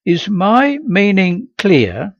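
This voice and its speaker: A sharp, sarcastic schoolmistress with a raised, clipped voice and a lively lilt, as a male narrator puts her on. Her tone is husky and a little gravelly, heard on a dry, slightly muffled recording. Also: mid-range voice, extremely slow, dry recording, voice pushed up, heavily acted. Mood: sarcastic scolding. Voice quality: sarcastic, crisp and commanding. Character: stern sarcastic middle-aged woman schoolteacher. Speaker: teacher.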